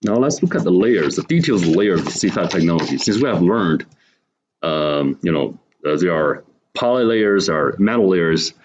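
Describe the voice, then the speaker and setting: Low-voiced man lecturing to a class. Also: very animated, moderate pace, dull audio, a little hiss or hum. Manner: explaining step by step, asking the class questions. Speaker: university lecturer.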